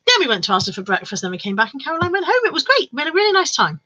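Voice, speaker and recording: A woman's voice: high voice, very animated, rapid-fire, bright, forceful tone, lo-fi sound. A woman chatting casually on a livestream, reading out viewers' comments and joking around. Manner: chatty, jokey, laughs often. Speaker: livestream host.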